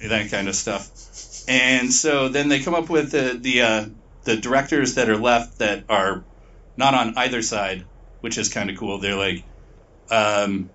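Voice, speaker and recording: A man's voice: medium pitch, sharp tone, far from the mic. A man talks through a story's plot in loose, rambling chat, swearing freely and dropping into brief mock voices for the characters. He sits back from the mic, and the recording sounds dull and muffled. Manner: profane, rambling retelling with quick put-on voices. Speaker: podcast co-host. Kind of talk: casual plot recap.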